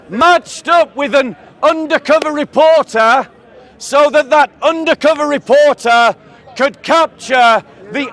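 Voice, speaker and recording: High-voiced English man orating outdoors. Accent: southern English. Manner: declamatory, addresses crowd as ladies and gentlemen. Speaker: street preacher. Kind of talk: outdoor public speech. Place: outdoors, public square with crowd. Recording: crowd murmur outdoors.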